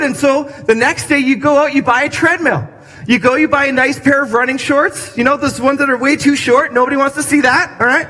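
A man's voice: very high voice, fairly quick, sharp tone, long reverb tail. A man preaching a sermon in a church, speaking conversationally and acting out little scenes with quoted voices for humor. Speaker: pastor. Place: church sanctuary.

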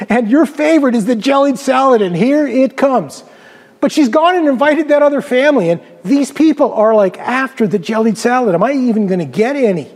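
High-voiced pastor in reverberant hall. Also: male voice. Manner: dramatic, varies pitch and loudness, drops low for emphasis. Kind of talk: storytelling sermon.

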